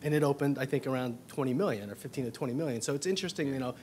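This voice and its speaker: A man's voice: mid-range voice, racing, a little mellow, slight background noise. A man speaking on a conference panel, hesitant, with frequent fillers and restarts. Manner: hesitant, many you-knows and restarts. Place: conference session room. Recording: faint room ambience.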